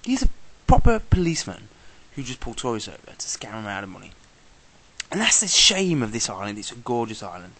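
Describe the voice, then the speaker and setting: An exasperated man rants casually to camera about his travels. His voice is gravelly and swings widely up and down as he swears and mimics people he met. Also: medium pitch, big pitch swings, fairly quick, fairly bright tone. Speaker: traveller vlogger. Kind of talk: casual travel vlog rant.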